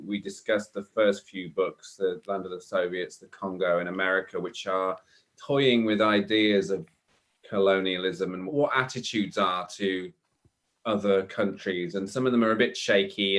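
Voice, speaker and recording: A man co-hosting a podcast, thinking aloud casually with fillers like "you know". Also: low voice. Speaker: podcast co-host.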